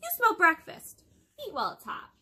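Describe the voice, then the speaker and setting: A woman reading a storybook aloud and voicing the giant's bossy wife, who waves off her husband in a brisk, dismissive way. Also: very high voice, huge pitch swings, pushed and bright, voice pushed up, full character voice.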